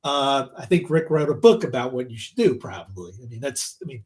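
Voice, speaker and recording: A man co-hosting a podcast in casual chat, animated and quick to mock people with put-on voices. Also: mid-range voice, a loud crowd. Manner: animated, mocking voices in quotes. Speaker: podcast co-host.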